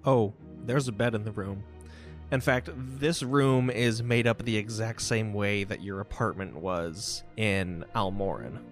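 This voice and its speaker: A man's voice: on the low side, a little slow. Man narrating a tabletop game over music. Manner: descriptive, second-person narration. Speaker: game master.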